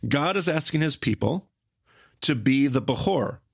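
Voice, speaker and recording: A man hosting a podcast, explaining Bible stories with emphatic, repetitive phrasing that speeds up and slows down. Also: on the high side, lively intonation, vocal fry, breathy edge, dry recording, clean studio sound. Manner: emphatic, repetitive, with rapid bursts and slow stressed phrases. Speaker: podcast host teaching the Bible. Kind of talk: animated teaching conversation.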